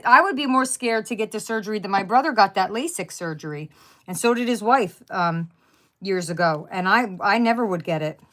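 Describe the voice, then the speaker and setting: A woman's voice: mid-range voice, fairly bright tone. A middle-aged woman talks casually to her viewers while she works on a craft project. She wanders from thought to thought, searches for words and restarts her sentences. She is blunt and jokey, with some mild swearing. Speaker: craft livestream host.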